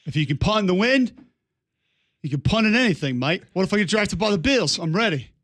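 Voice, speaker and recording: A man with a fairly high voice co-hosts a morning sports radio show from a dry, close-miked studio. He banters in a playful Australian punter bit, tossing "mate" into his lines. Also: expressive, a little fast, fairly bright tone, no echo. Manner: joking, plays an Australian punter calling everyone "mate". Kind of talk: casual sports talk.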